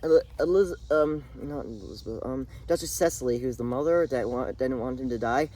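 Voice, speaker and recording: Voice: mid-range voice, a little fast, dark tone. Rambling storyteller full of fillers. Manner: rambling, many fillers and restarts, bursts of laughter. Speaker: channel host. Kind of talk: casual retelling of a TV drama to a friend.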